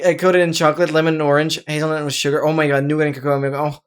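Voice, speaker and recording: Rapid-fire with few pauses, this mid-range voice belongs to a streamer chatting casually on a live gameplay stream. Exclamations come often, along with thanks to viewers.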